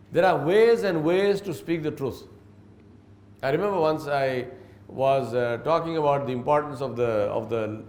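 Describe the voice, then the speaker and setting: A man teaching as an Islamic scholar, with a voice sitting a little high for a man. He lectures earnestly, weaving in stories and chuckling through them. The sound carries a roomy echo. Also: darkish tone. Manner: earnest, storytelling, chuckles when recounting. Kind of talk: religious lecture with anecdotes.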